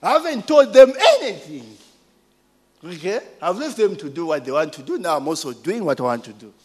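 A Ugandan man in his forties preaching, telling personal stories with lively asides and questions to the congregation. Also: high voice, brisk. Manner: animated storytelling, call-and-response asides.

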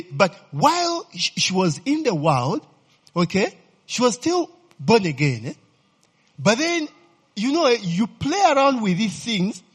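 Slow, lively preacher in a hall. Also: male voice, a little high, slightly rough. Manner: checks in with listeners constantly, asks fill-in questions. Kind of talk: sermon. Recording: reverberant hall.

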